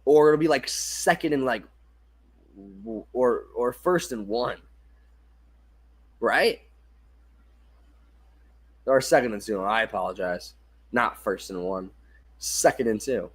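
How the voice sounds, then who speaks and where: A man's voice: medium pitch, takes it slowly, long pauses, husky. A young man doing casual play-by-play commentary for a football livestream, tired and yawning, often correcting himself and apologizing for slips. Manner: casual, self-correcting, apologetic about mistakes. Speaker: fan play-by-play streamer.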